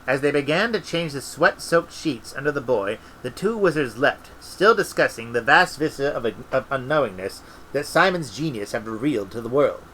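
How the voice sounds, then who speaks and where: A man reading a story aloud in a relaxed way, with restarts and little asides. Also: mid-range voice, moderate pace, a little hiss or hum, poor audio. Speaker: audiobook reader.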